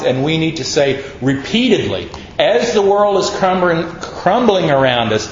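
A man preaching a sermon in an emphatic, folksy way, slowing down for quoted lines. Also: on the high side, slight background noise. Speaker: pastor. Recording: roomy echo, dull lo-fi sound.

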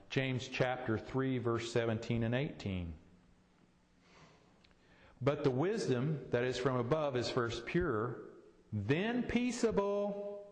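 A man's voice: medium pitch, a little mellow, roomy sound, in a large hall. A man preaching a sermon, exhorting with repeated short commands in a church.

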